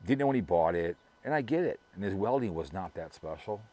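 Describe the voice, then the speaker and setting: A man's voice: low voice, lively intonation, brisk, dark tone. A middle-aged man from Minnesota talking to his viewers in a rambling, gossipy way, full of restarts and repeated words. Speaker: vlogger. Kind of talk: casual rambling monologue.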